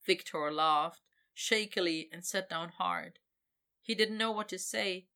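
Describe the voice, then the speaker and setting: Woman narrating a fantasy story, bright clear voice, a bit lower pitched. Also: a little slow. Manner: expressive, voices characters. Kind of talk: reading a fantasy story aloud.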